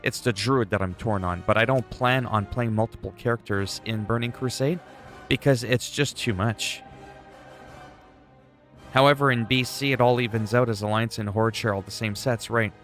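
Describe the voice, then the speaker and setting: A man's voice: mid-range voice, steady tone, normal speed, a bit bright, soft background music. A man livestreaming a game, chatting casually and enthusiastically with viewers, rambling a bit and swearing now and then. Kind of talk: casual gameplay chat.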